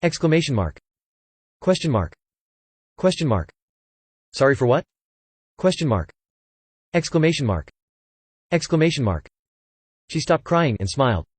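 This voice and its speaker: A man reading a scripted horror story in an even voice, sometimes reading punctuation aloud. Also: a little high, normal speed, long pauses, slightly rough, dry recording. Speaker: narrator.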